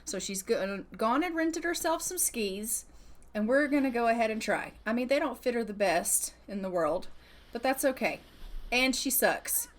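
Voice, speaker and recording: This young woman is a gaming YouTuber chatting her way through a Sims session, cursing freely and giving her character a voice. She speaks at a normal speed with a fairly high, expressive voice.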